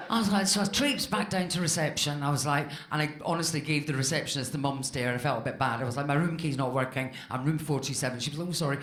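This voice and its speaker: A woman in her fifties from Scotland doing a stand-up comedy set on a club stage, chatty and self-mocking, talking straight to the crowd. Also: sits low. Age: 50s. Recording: live club room with echo and audience laughter. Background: audience laughter.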